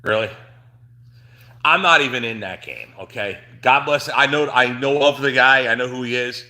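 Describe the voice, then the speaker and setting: A man's voice: medium pitch, normal speed, pushed and bright. A middle-aged man from New Jersey chatting casually on a livestream from his truck shop, rambling with lots of fillers and restarts. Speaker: trucking channel host.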